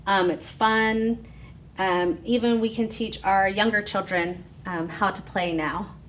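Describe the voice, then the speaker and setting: A middle-aged woman from Oklahoma giving an informal lecture on tribal culture, relaxed and chatty, with frequent ums and light laughter. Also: medium pitch, slow pace, a little hiss or hum. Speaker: educator presenting on tribal culture.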